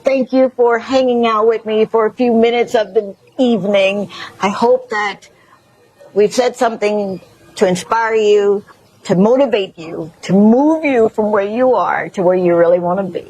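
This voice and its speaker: Mississippi lady hosting a chat show, gushy and preachy, mid pitch voice. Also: normal speed, a little mellow, poor audio. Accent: Southern US, Mississippi. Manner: effusive and preachy, gushing praise. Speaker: talk show host. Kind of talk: emotional, encouraging chat show closing.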